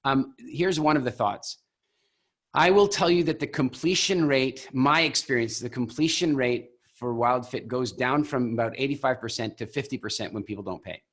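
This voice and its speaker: A man leading a coaching call over video, telling stories with animated, expressive delivery. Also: mid-range voice, moderate pace. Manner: animated, expressive storyteller who acts out examples. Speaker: program founder coaching coaches.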